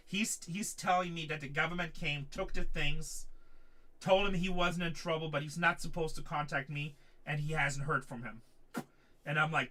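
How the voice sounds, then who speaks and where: Bright-voiced man telling a story at a distance. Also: fairly high pitch, brisk. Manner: animated, emphatic retelling with quoted dialogue. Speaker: card break host. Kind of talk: casual storytelling. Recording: voice a little distant from the mic.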